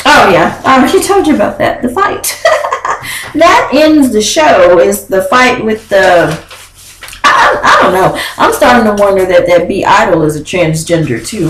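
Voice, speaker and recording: Young woman, sassy gossip recap, slow unhurried delivery, echoey room. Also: a little high, a little hiss or hum. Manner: sassy, chatty, animated with laughs and quoted voices. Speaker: vlogger recapping a reality show.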